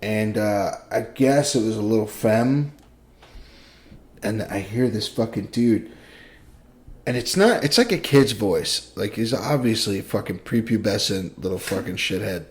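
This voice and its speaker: A man's voice: fairly low pitch, animated, measured pace. Young guy cohosting a podcast, swears a ton, rambly jokey rants, voice jumps all over. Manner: profane, rambling, joking rants. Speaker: podcast co-host. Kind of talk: casual podcast chat.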